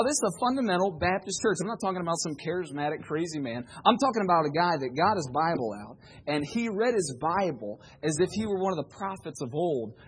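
A man's voice: high voice, slightly rough, poor audio. A man preaching a sermon, telling a story with humor and animation.

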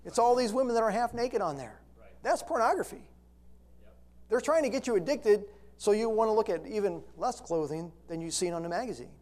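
A man's voice: high-pitched, lively intonation, fairly quick, a little mellow. A middle-aged man preaching a sermon, reading scripture and then pressing his points with rising intensity.

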